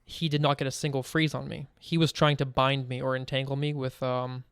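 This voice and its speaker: A man's voice: mid-range voice, flat delivery, a little fast, fairly bright tone, clean tone, no echo, studio quality. A man co-hosting a casual gaming podcast, telling stories animatedly and laughing as he goes. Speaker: podcast co-host. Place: home.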